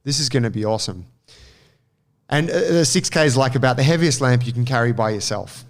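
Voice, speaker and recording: Man, 30s, podcast co-host, animated storyteller, swears freely. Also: medium pitch, fairly quick. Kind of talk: casual storytelling chat.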